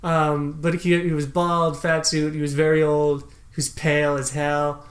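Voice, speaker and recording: A man's voice: on the high side, level tone, normal speed. A young man co-hosting a casual movie podcast, laid-back and wry, often hesitant as he talks. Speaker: podcast co-host. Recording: echoey room.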